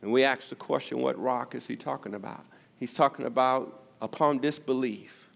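A male pastor preaching a sermon, his delivery swinging from loud emphasis to near-whispers. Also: medium pitch, vocal fry. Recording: long reverb of a church hall.

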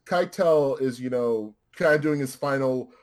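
A man's voice: mid-range voice, a little slow. A man in casual chat, animatedly retelling a film with plenty of profanity. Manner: animated, profane storytelling with frequent restarts.

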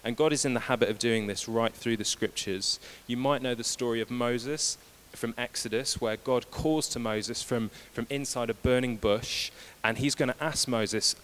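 A man's voice: mid-range voice, normal speed, hardly any pauses, a little hiss or hum. Preacher man retelling scripture casually. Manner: retells scripture dialogue in lively, casual voices. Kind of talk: sermon.

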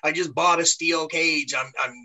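A man's voice: a little high, fairly even intonation, moderate pace, bright, forceful tone, rough recording. A man being interviewed as a podcast guest, talking openly and often restarting his sentences. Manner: earnest, stammering restarts. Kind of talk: candid podcast conversation.

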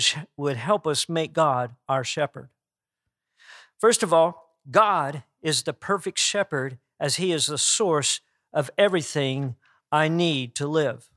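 A man preaching a sermon at an unhurried, deliberate pace, his voice sitting a little high. He speaks earnestly and with emphasis. The sound is close and dry. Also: fairly bright tone, no room sound.

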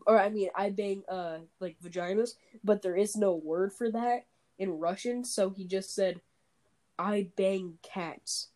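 A woman's voice: mid-range voice, moderate pace, warm tone. A woman on a casual podcast, telling a long story with lots of fillers and restarts, talking over a voice call. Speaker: podcast co-host. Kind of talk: casual chat.

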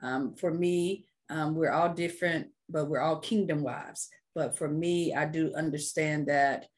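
Low-voiced woman, measured faith talk. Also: fairly even intonation. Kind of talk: casual faith podcast talk.

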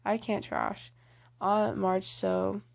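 A woman's voice: mid-range voice, flat delivery, slow, creaky, exaggerated voice. A woman reading aloud as a spirited, outspoken teenage girl in a storybook, in a voice close to her own. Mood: frank. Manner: outspoken, hearty. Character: spirited tomboyish teenage girl, blunt and eager.

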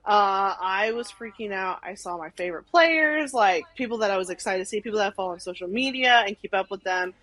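A young woman tells a story as a podcast guest. Her casual talk is animated and full of "like", and she acts out what people said. Her voice sits at a middling pitch. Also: a little fast, hardly any pauses, low-quality recording. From Arkansas, USA. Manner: animated, many "like"s, acts out quotes.

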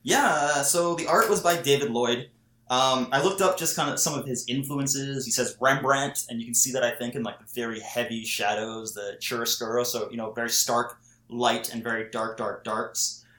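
A man's voice: medium pitch, fairly even intonation, moderate pace, sharp tone. A man hosting a casual book discussion, chatty and steering the conversation. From Canada. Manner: chatty, leads the talk. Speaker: podcast host. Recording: roomy echo.

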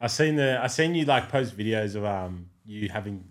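A man with a fairly low voice hosts a relaxed podcast chat. He's easygoing and slangy, mostly chiming in with brief agreements and nudging his guest along. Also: moderate pace. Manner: laid-back, short agreeing replies, slangy. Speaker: podcast host. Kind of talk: casual chat.

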